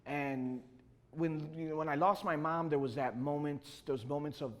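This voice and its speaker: A man's voice: on the high side, moderate pace, in a large hall. Man with a Chicago accent telling a story. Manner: animated storyteller acting out dialogue, frequent "you know". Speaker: speaker telling his life story. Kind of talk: personal storytelling talk.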